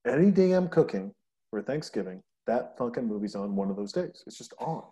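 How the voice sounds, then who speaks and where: A man with a mellow, darker voice talks in a loose, rambling way. He tells animated stories and swears freely in casual conversation. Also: medium pitch, a little fast. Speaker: podcast host.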